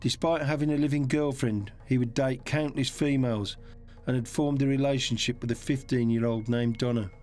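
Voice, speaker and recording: A man narrating a crime documentary in a measured, serious scripted delivery. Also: medium pitch, fairly even intonation, darkish tone, faint music behind.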